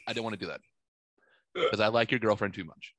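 A man in his forties tells stories on a podcast with a bright, forceful voice. He swears freely and acts out everyone he quotes. The sound is dry and close. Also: fairly low pitch, fast talker, dry recording. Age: 40s. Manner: profane, animated storyteller acting out quotes. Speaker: podcast co-host. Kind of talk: casual storytelling chat.

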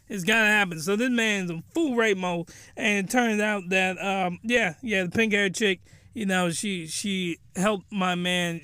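A man giving a crude, rambling comedic recap of a show in an animated way. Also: sits high, no echo, studio quality.

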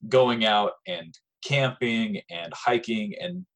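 A man's voice: fairly low pitch, slow pace. A man moderating a casual group discussion, asking curious follow-up questions.

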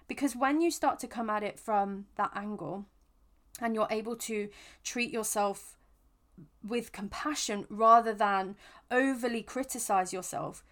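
A woman hosting a podcast, giving reflective self-help advice in an earnest, gentle way with frequent restarts. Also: a little high. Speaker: podcast host.

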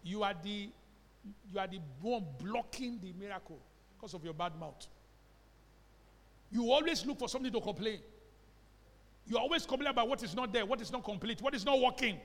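A high-voiced Nigerian man preaches with insistent emphasis, tossing questions to his listeners and dropping into Pidgin. His voice rings out with a long reverb, as if from a large church hall. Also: animated, fairly quick, long pauses, a bit bright. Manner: slips into Pidgin phrases. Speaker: pastor. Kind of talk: sermon.

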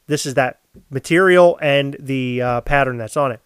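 A man from co-hosting a casual podcast, telling stories in animated, profane bursts. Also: medium pitch, moderate pace, smooth, dry recording, clean studio sound. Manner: animated storytelling, swearing, loud bursts. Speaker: podcast co-host.

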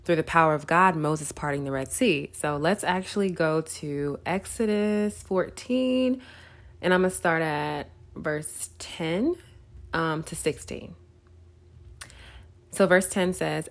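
A woman's voice: sits low, takes it slowly. A woman hosting a podcast, giving a casual faith talk in a conversational way with lots of fillers and frequent laughs. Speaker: podcast host.

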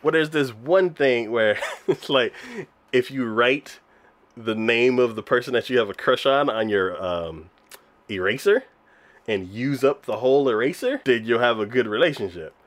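A man in relaxed chat, retelling scenes with a lively, swinging pitch. He laughs often and fills his pauses with "um" and "like.". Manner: animated, laughs often, many fillers like "um" and "like". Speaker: podcast co-host reviewing anime. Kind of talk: casual chat.

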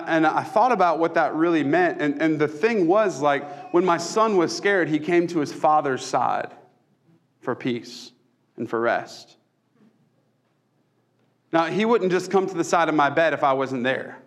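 A young man, preaching a casual sermon with self-deprecating humor. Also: a little high. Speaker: pastor.

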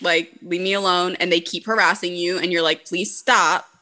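Bright-voiced woman telling blunt stories. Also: lowish voice, fairly even intonation, normal speed. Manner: blunt and profane, heavy use of "like". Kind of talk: casual chat, storytelling.

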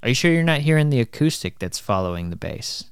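A man's voice: mid-range voice, big pitch swings, quick pace, clean tone, no room sound, studio quality. A man co-hosting a music podcast in casual chat, blunt and swearing, often trailing off unsure. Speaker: podcast co-host.

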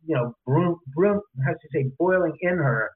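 Male guest storyteller on a phone line. Higher-pitched voice, animated delivery that acts out the dialogue. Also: moderate pace, breathy edge. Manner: acts out quoted dialogue, repeats "I said".

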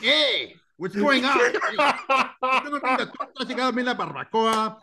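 A man's voice: extremely high pitch, expressive, normal speed, heavy background noise, voice pushed up. A man putting on the voice of a rowdy, chummy joker who laughs through his lines. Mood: rowdy joking.

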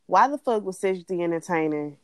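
A young woman co-hosting a casual chat, blunt and animated, swearing freely as she rants. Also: fairly low pitch, fast talker, no room sound. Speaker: podcast co-host.

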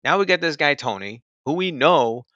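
A man's voice: a little high, animated, moderate pace, pushed and bright, dry recording, lo-fi sound. A man casually recounting something that happened to him, in a loose conversational way full of fillers. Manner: loose and conversational, many fillers like "like" and "you know". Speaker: storyteller recounting own experience. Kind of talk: casual personal storytelling.

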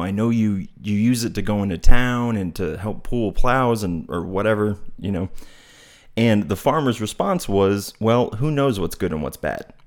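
A man's voice: fairly low pitch, darkish tone. A man giving a casual, reflective talk, telling a parable in a meandering, thoughtful way and searching for his words. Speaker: speaker on non-duality.

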